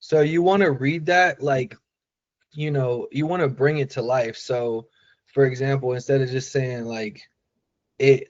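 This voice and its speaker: A man's voice: medium pitch, a little mellow. A man coaching a sales trainee over a call, casual and full of fillers, acting out sample lines. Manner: casual, filler-heavy, demonstrative. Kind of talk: live coaching on a video call. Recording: muffled lo-fi call audio.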